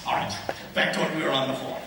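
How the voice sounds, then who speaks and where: A male actor playing an excitable, bossy young college gentleman in a stage play, speaking theatrically, recorded from far off in an echoey hall. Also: a little high, quick pace, background noise, natural voice. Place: school stage in a large hall.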